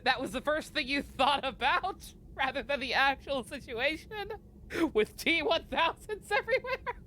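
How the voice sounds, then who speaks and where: A woman's voice: high voice, expressive, normal speed, sharp tone, slight background noise. A woman streamer giving casual, sarcastic let's-play commentary, giggling and swearing often. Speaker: streamer playing a game.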